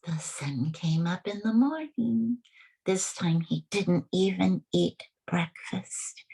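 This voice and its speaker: A woman from the United States telling a children's story with animated sound effects. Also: a little high, vocal fry, poor audio.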